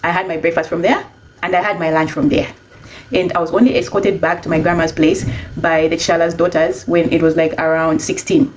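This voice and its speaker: A young adult woman casually telling a personal story, chatty and animated when she quotes herself. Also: on the low side, brisk, slight background noise, poor audio.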